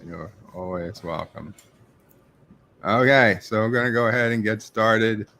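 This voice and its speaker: A man's voice: on the low side, steady tone, measured pace, sharp tone. A middle-aged man with a New York accent hosting a live stream, reading viewers' chat messages aloud and answering them casually. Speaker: livestream host reviewing a TV episode.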